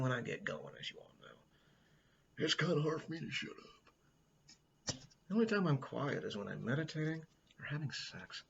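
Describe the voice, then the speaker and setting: A man's voice: medium pitch, creaky, a bit bright, lo-fi sound, slight background noise. A middle-aged man rambling casually indoors, swearing often and laughing a lot. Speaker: vlogger. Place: indoors at a friend's house.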